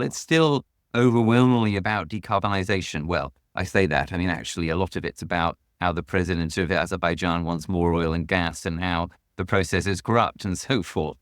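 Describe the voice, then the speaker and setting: A man's voice: low voice, a bit bright, no echo, clean studio sound. A man answering as a guest author on a podcast, earnest and emphatic, leaning hard on key words.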